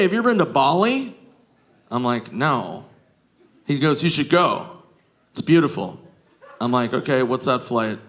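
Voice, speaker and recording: A man telling stories on a comedy stage, animated, acting out the people in his stories and laughing at his own jokes. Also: mid-range voice. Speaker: stand-up comedian. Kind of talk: stand-up storytelling. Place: comedy stage before a live audience. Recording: live crowd laughter and noise.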